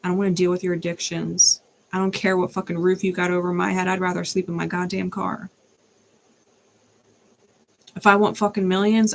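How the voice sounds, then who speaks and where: A woman's voice: lowish voice, flat delivery, normal speed, creaky, long pauses. A young adult woman, a tarot reader, ranting in a blunt, fired-up way and swearing freely. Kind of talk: unscripted ranting monologue.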